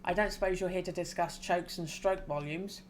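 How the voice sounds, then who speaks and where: A woman's voice: on the low side, fairly even intonation, normal speed, slight background noise, natural voice. A woman voicing a jovial middle-aged male biker who runs a record shop, hearty and chatty, in a game read aloud.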